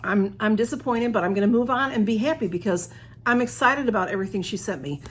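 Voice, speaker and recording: A woman's voice: medium pitch, lively intonation, fast, slightly rough. A woman, chatting as she unboxes a gift at home, gushing and a bit flustered. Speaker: unboxing vlogger.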